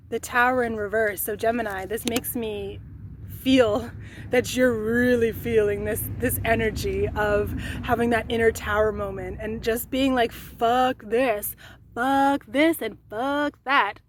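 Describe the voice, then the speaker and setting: A woman host giving a casual tarot reading, excitable and chatty, swearing now and then. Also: fairly high pitch, a little hiss or hum. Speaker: tarot reader. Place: outdoors in nature.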